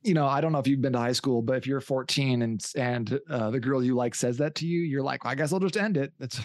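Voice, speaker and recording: A male fitness coach guesting on a podcast, telling stories in an animated, jokey way. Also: mid-range voice, fairly quick, no room sound, studio quality. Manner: animated, jokey storyteller who acts out quotes. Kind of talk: casual interview storytelling.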